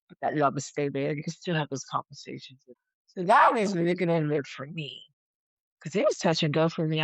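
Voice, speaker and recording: A woman guest on a podcast, talking in a halting, reflective way and often repeating herself as she searches for words. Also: lowish voice, dry recording, low-quality recording. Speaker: podcast guest, yoga teacher. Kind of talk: casual conversation.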